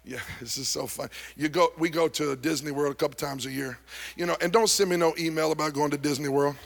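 A male pastor delivering a sermon to a congregation, moving from folksy storytelling to fervent shouted preaching. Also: on the high side, brisk, vocal fry. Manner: animated preaching that builds to shouting. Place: church service before a congregation.

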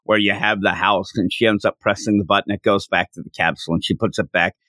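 A man's voice: lowish voice, quick pace, dry recording. A man co-hosting a podcast, chatting casually and acting out quotes with laughter. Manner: animated, laughing, acts out quotes in voices. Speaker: podcast co-host. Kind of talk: casual chat.

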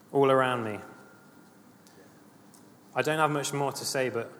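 A man's voice: medium pitch, fairly bright tone. A man preaching a sermon, earnest and emphatic, often repeating his phrases. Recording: long hall reverb, faint ambient noise.

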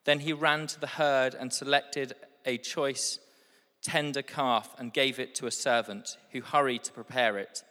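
Male scripture reader, 40s, bright forceful tone, long reverb. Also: medium pitch, steady tone, unhurried. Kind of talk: scripture reading.

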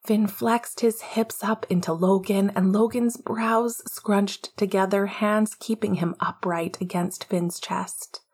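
A woman narrating an audiobook in a hushed, intimate way, often half-whispering. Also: medium pitch, steady tone, takes it slowly, hardly any pauses, breathy edge.

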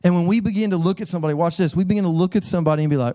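A man's voice: high-pitched, very fast, few pauses, mellow. A man preaching a sermon in church, talking casually and joking with the congregation, acting out the voices he quotes. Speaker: pastor.

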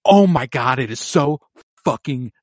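A man's voice: medium pitch, animated, measured pace, a little mellow, dry recording, studio quality. A man co-hosting a TV rewatch podcast, chatting casually, swearing freely and acting out characters' lines. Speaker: podcast co-host recapping an episode. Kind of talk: casual chat.

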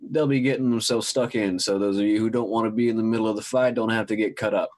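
A man narrating a tabletop role-play as game master, introducing characters in a laid-back, halting way. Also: on the low side, steady tone, a little mellow.

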